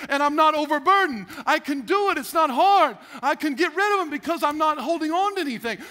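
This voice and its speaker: A male pastor preaching a sermon, animated, laughing often and acting out the voices of stressed people. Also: very high voice. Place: church sanctuary.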